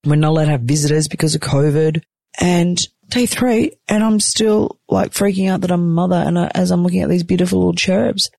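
A woman's voice: fairly low pitch, a little fast, vocal fry, darkish tone, no room sound. An exhausted woman who has just given birth, chatting frankly and exclaiming often in a personal vlog from a hospital room. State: exhausted after giving birth. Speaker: vlogger, new mother.

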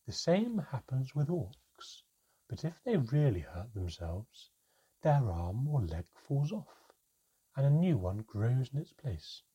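A man voicing a calm, terse older female goblin who speaks slowly and quietly. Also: medium pitch, slightly rough, highs cut off, voice pushed up, heavily acted. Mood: measured. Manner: slow, quiet and measured.

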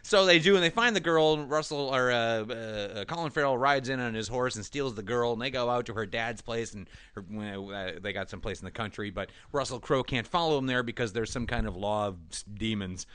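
A man in casual chat, animatedly retelling a movie plot with lots of laughter and deadpan quoted lines. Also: mid-range voice, brisk, few pauses, clean tone, no room sound.

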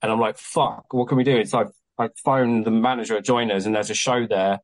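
A young man on a podcast telling a long story in a casual, animated way, swearing often and acting out what people said to him. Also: fairly low pitch, fairly quick, low-quality recording. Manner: animated, swears a lot, acts out quoted exchanges. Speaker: guest, venue promoter.

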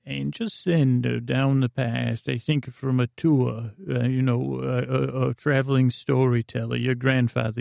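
A man spins a bedtime story off the cuff, wandering and pausing with fillers as he goes. His voice is slow, dark and gravelly, nearly flat in pitch, recorded dry and close. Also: no echo. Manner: rambling, halting, many fillers and restarts. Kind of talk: improvised bedtime story narration.

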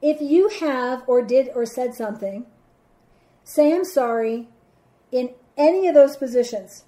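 A woman hosting a solo podcast, talking earnestly with many pauses, fillers and restarts. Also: sits high, animated, dark tone. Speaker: podcast host. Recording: roomy echoey sound.

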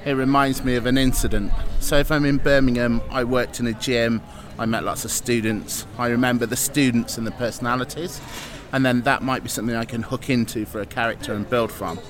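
A man's voice: mid-range voice, steady tone, a little fast, a crowd in the background. A man with an East Midlands English accent, an improviser and presenter, talking openly and earnestly with some fillers. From Mansfield, England. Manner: open, earnest, explains with fillers. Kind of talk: casual interview talk.

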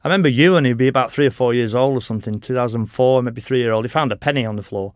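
Racing along in a mid-range voice, a middle-aged motorcycle racer swaps rambling stories on a podcast, laughing often and swearing freely in a casual interview. It's studio quality, with no echo.

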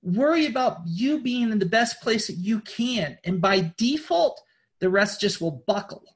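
A spiritual group leader gives an informal motivational talk in a medium-pitched, animated voice that's a little slow. Blunt and profane, they repeat words and ramble insistently as they urge listeners on.

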